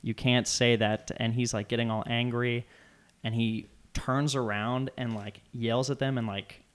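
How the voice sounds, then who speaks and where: A young man with a mid-range voice chats casually and unhurriedly, retelling a story. He acts out quotes in an animated, loud way.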